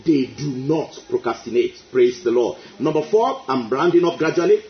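Male preacher, high animated voice, emphatic repeats, echoey lo-fi recording. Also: moderate pace, faint music behind. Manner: emphatic, repeats phrases, exclaims praise. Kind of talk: sermon. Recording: echoey, dull lo-fi.

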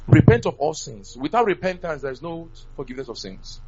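A male preacher delivers a sermon in a fairly high voice. His pitch leaps up and down as he swings between loud bursts and soft asides. The recording is dull and lo-fi. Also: sing-song, a little fast, slight background noise.

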